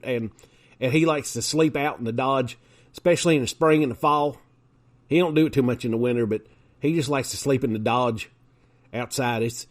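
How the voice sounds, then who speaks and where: A man's voice: mid-range voice, pitched above the performer's own voice, lightly acted. A man voicing a rambling rural man in a folksy drawl with loose grammar, repeating himself.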